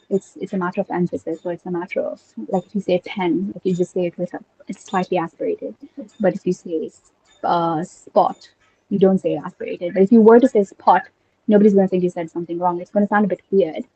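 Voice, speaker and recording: A young woman whose first language is Urdu talks eagerly about linguistics in casual conversation, thinking aloud with many fillers and restarts. Her voice is on the low side, warm and slightly rough, and the highs are cut off.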